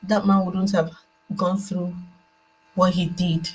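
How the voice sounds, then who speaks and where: A Nigerian woman with a husky, lowish voice speaks earnestly over a laptop video call. She circles back and repeats phrases as she thinks. A steady fan hum sits under her voice. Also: takes it slowly, low-quality recording. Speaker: guest joining by video call. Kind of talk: call-in discussion. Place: home at night, laptop fan running.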